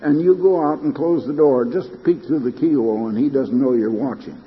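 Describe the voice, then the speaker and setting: A man's voice: medium pitch, a little fast, long reverb tail, muffled recording. An older man preaching an emphatic broadcast sermon, his delivery rising to fervent peaks.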